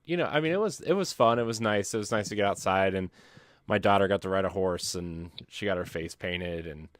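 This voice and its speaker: A man's voice: low voice, brisk, no echo, studio quality. A man co-hosting a podcast over a video call, chatting casually and joking, often laughing mid-sentence. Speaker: podcast co-host. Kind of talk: casual chat.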